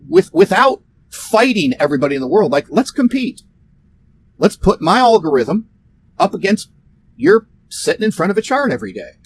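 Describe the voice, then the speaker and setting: A man promoting trading software in a sarcastic, mocking rant delivered straight to camera. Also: fairly high pitch, a little hiss or hum. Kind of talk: ranting direct-to-camera talk.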